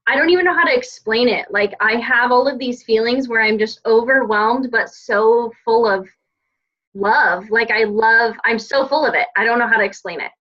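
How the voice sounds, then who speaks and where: Speaking at a moderate pace in a slightly high voice, a woman coaching a team pours out an emotional, casual account of her weekend during a group call. She gushes warmly and leans heavily on "like," and the recording has a dull, lo-fi call quality.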